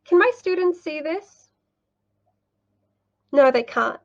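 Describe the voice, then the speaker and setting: A young English teacher and teacher trainer leads a screen-share tutorial with a demo lesson, explaining online teaching step by step and answering her own questions with patience. Her slightly high voice has a gravelly fry and an animated quality, and she speaks slowly. The recording sounds a little dull.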